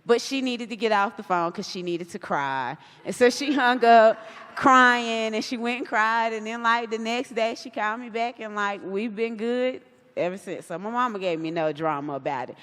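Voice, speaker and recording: Woman guest speaker, casual and animated, lots of acted-out quotes, live in a large reverberant hall. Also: on the high side, moderate pace. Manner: chatty and animated, acts out quoted voices. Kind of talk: casual talk to a live audience.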